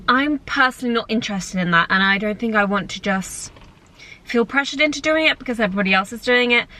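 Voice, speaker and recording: A young woman talking to her followers from the driver's seat, her voice bright and clear. She is chatty, upbeat and quick to poke fun at herself. A faint hum of the car sits behind her. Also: medium pitch. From United Kingdom. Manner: chatty, self-mocking, upbeat. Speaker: lifestyle influencer. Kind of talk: casual chat to camera. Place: inside a car at a drive-thru.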